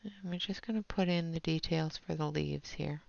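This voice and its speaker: Gravelly woman chatting on a colouring stream. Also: sits low, moderate pace, dry recording. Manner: chatty, talks to viewers in chat while working. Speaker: livestream host. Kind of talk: casual livestream chat while demonstrating colouring. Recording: dull lo-fi stream audio.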